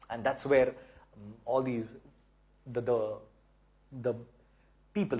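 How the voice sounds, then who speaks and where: A man's voice: medium pitch, darkish tone. A man hosting a question-and-answer talk, giving encouraging advice at length and often repeating words as he explains. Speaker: host answering viewer questions.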